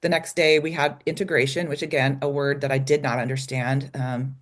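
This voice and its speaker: A woman's voice: extremely low pitch, little pitch movement, a little fast. A woman guest telling a candid, emotional personal story in an interview, with many ums and restarts. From United States. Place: small logging community in Idaho.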